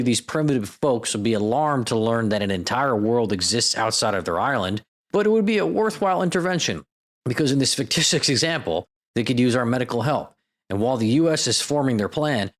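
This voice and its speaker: Jokey man with a lively, animated voice. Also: medium pitch, a little fast. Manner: sarcastic, self-mocking asides. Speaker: podcast host. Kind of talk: scripted comedic narration.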